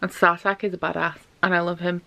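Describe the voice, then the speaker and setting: A woman's voice: lowish voice, flat delivery, brisk, gravelly, pushed and bright. A young woman chatting casually in a book diary, gushing about what she reads and saying "like" a lot. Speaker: book vlogger.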